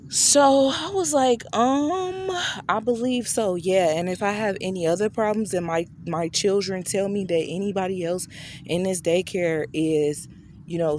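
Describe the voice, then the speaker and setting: A woman's voice: moderate pace, darkish tone, a little hiss or hum. A woman vlogger telling a personal story in a casual, chatty way, talking straight to her viewers and acting out the dialogue. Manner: chatty, addresses viewers directly; acts out quoted dialogue with shifting pitch.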